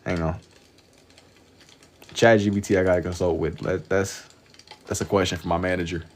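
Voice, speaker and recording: A man's voice: low-pitched, fairly even intonation, normal speed, a little hiss or hum. A sleepy man chatting casually and rambling on a livestream as he draws, with a drawling, meandering manner and lots of repetition. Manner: drawling, meandering, slangy, repeats himself. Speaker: livestream artist. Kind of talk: casual rambling chat while drawing.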